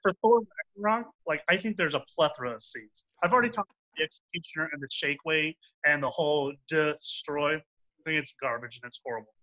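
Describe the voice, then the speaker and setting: Young man, heated geek debater, bright edgy tone, rants and swears. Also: a little high, a little fast, lo-fi sound. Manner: ranting, swears, mocks with acted quotes. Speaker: debater defending a film.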